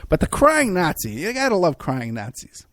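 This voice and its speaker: A man's voice: sits high, huge pitch swings, moderate pace, a bit bright, dry recording. A man hosting a podcast who also works as a private investigator. He talks in a rambling, sarcastic way, with many fillers and restarts. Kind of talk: casual mocking commentary.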